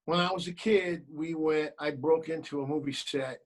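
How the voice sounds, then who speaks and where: Brief: male guest on a video call, lively storyteller, slightly high voice. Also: normal speed, rough recording. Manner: animated storyteller, acts out quoted voices. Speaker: actor and producer, guest. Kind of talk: remote interview, storytelling advice.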